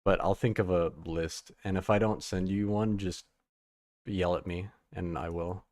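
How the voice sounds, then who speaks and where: A man's voice: sits low, steady tone, measured pace, a little mellow, no room sound, studio quality. A man hosting a podcast live on stream, chatting loosely and swearing as he reads chat aloud. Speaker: podcast host.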